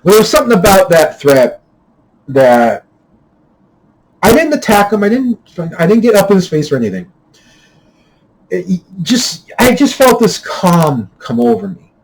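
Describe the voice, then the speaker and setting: Give me a high-pitched man recounting a story casually, with repeated words and false starts. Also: wildly swooping pitch, measured pace, long pauses, poor audio. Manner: rambling, with frequent restarts and repeated words; grows louder and higher when retelling heated moments. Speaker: channel host.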